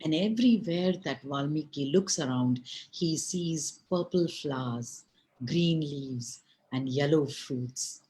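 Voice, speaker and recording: Slow, low-voiced woman storyteller. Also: poor audio. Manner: unhurried, expressive, addresses listeners with asides. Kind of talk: oral folk storytelling.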